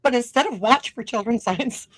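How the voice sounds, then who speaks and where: A woman's voice: fairly high pitch, normal speed, a bit bright, dry recording. A middle-aged woman with a northern Minnesota accent, chatting as an interview guest. She rambles through stories and laughs often. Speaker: guest musician-podcaster. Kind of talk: casual interview chat.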